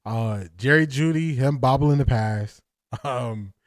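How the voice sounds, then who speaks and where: Excitable, breathless male stream host, mid-pitched voice, dry close sound. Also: slow, no room sound. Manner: excitable, laughing, addresses viewers as y'all. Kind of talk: live watch-party commentary.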